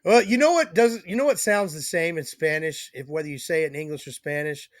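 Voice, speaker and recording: A man's voice: fairly high pitch, fairly bright tone, dry recording. Joking, cursing man with a dry sound. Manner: profane, joking. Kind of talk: casual chat.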